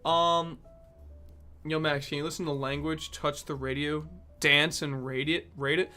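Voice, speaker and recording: A man's voice: on the high side, little pitch movement, measured pace, bright, forceful tone. A young man streaming and reacting to obscure songs, rambling casually, thinking aloud and swearing often. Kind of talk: casual music reaction chat. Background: faint music from the songs he plays.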